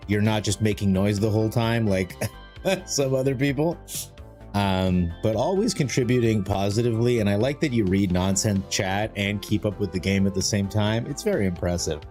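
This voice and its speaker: A man's voice: lowish voice, normal speed, darkish tone. A man hosting a casual live stream, rambling and joking as he greets viewers by name. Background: faint music.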